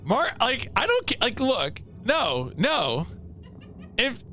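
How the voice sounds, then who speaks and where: Lively high-voiced streamer man. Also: slow pace, faint music behind. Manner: animated, laughs often, reacts to chat. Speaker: streamer playing a video game. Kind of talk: casual live-stream chat with viewers.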